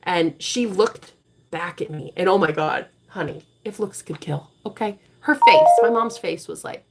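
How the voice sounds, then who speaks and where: A woman hosting a live tarot reading stream, talking bluntly with a lot of profanity and turning preachy and forceful when she drives a point home. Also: lowish voice, a little slow, creaky, noisy background. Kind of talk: casual live-stream talk.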